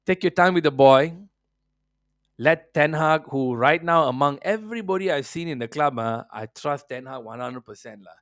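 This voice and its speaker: A man's voice: a little high, animated, moderate pace, a bit bright, dry recording, clean studio sound. A man hosting a football podcast, ranting brashly and profanely in casual opinionated chat, slipping into mocking voices.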